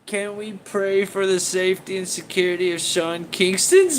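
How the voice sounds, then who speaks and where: A man's voice: sits high, fairly even intonation, normal speed, slight background noise. A man hosting a casual livestream, rambling and swearing as he reacts to viewer comments and laughs often. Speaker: livestream host.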